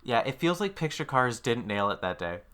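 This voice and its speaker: A co-host in casual comedic chat who drops wry, dry jokes. The pitch moves widely and the tone is bright. The voice sits at a middle pitch. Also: big pitch swings, a little fast, smooth. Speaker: podcast co-host.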